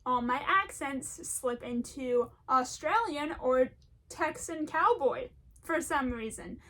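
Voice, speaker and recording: A woman's voice: sits high, slow pace, fairly bright tone. A woman talking in a casual, rambling commentary, chatty and self-deprecating, often breaking into laughter. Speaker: video essayist.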